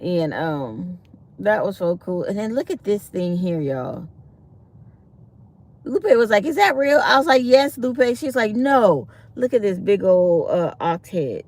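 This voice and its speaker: A woman at medium pitch sounds very animated but talks slowly, her voice a little mellow in a dry recording. On her casual livestream she chats with viewers, calls them y'all, and acts out quotes as she tells stories.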